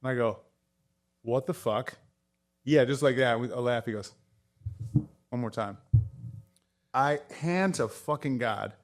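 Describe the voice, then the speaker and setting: A man's voice: medium pitch, measured pace, pauses often. A man, a tattoo artist guest, chatting casually and telling stories with swearing and laughter. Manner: animated storyteller, swears, laughs often. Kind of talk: casual chat.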